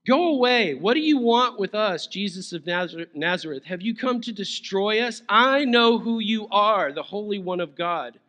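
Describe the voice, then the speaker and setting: A man's voice: high voice, lively intonation, moderate pace, hardly any pauses, sharp tone. A man voicing a bratty male demon that taunts like a toddler during a sermon. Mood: childish taunting. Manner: whiny, petulant, toddler-like.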